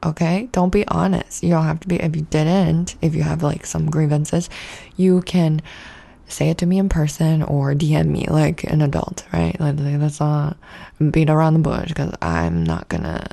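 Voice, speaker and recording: A woman's voice: sits low, moderate pace, creaky, dark tone. A woman hosting a podcast, chatting casually and laughing often. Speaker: podcast host. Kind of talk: casual chat.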